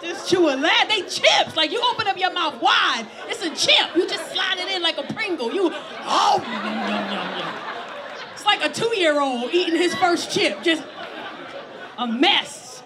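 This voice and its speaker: A man doing crowd-work stand-up at a comedy club, loud and profane, laughing between his jokes. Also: very high-pitched, expressive, a little slow. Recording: loud crowd and room noise.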